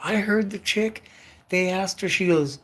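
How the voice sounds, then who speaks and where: A man's voice: high-pitched, measured pace, fairly bright tone. A young man livestreaming from home, rambling on in a loose, profane rant full of fillers.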